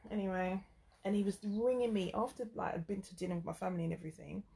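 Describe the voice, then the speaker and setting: Brief: woman, mid-pitched, frank and exasperated storyteller in casual chat. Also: fairly even intonation, a little fast, gravelly, a little mellow.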